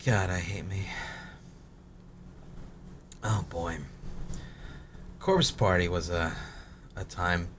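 Deep-voiced man with a cracking voice. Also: fairly bright tone, a little hiss or hum. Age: late 20s. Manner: rambling, swears a lot, self-mocking. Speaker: gaming video creator. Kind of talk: casual commentary on his old videos.

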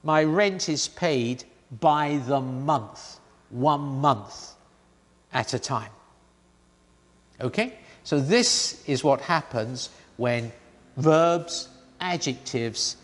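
Male language teacher, slow and deliberate, animated pitch, long reverb. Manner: slow, deliberate explanations with spoken example sentences. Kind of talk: grammar lesson.

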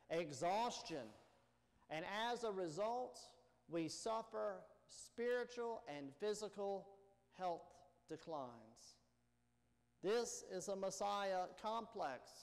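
A man with a high voice preaches a slow, deliberate sermon. He leans on rhetorical questions and emphatic pauses. His voice rings with the long reverb of a church sanctuary. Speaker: pastor.

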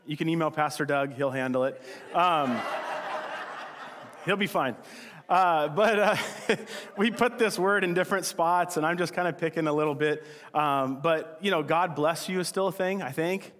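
Joking pastor preaching in an echoing hall. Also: male voice, a little high, a bit bright, slight background noise. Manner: casual, joking and chatty, with quick acted-out asides. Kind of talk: sermon. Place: church hall. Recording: church hall with long reverb.

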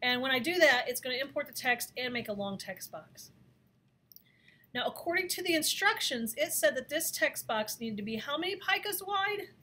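A woman teaching a design software class, with a voice pitched a little high. She talks through each step as she works and thinks aloud, with plenty of ums and uhs. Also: expressive, normal speed. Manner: chatty, thinks aloud with fillers. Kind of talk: screen-recorded software lesson.

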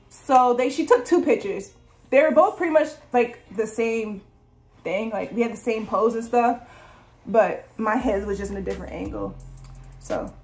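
A young woman vlogger chatting through a storytime in a casual, excited way, full of "like". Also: fairly high pitch. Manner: chatty, lots of "like", excited retelling.

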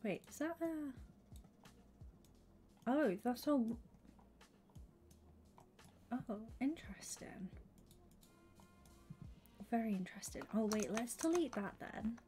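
A young woman livestreaming a game, chatting with her viewers and thinking out loud, often slipping into a whisper. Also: on the high side, expressive, takes it slowly, long pauses, faint music behind. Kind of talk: casual gaming stream chat.

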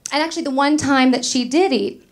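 Onstage at a comedy club with a live crowd, a middle-aged woman from New York does a brisk stand-up set in a high voice, chatting, poking fun at herself, and cracking up at her own punchlines.

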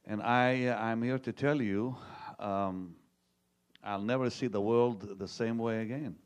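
Man preaching in a low voice. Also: fairly even intonation, a little slow. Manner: conversational storytelling, swings from loud jokes to hushed tones. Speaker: pastor. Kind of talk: sermon.

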